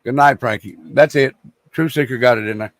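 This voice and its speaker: A man's voice: mid-range voice, brisk, no echo. A man co-hosting a casual livestream, trading crude jokes in a drawling, bantering way. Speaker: livestream co-host.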